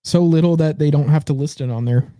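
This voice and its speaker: A man's voice: a little high, fast talker, warm tone, dry recording, clean studio sound. A man co-hosting a podcast in casual chat, teasing and loose with filler words. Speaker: podcast co-host.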